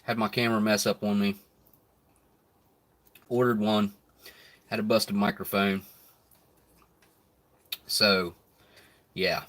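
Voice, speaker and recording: A man hosting a relaxed live stream, talking between bites in an easygoing, chuckling way. His voice sits a bit low, and the talk stays casual chat. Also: slow pace, long pauses. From United States. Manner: laid-back, chuckles often, talks between bites. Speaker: live stream host reviewing rations.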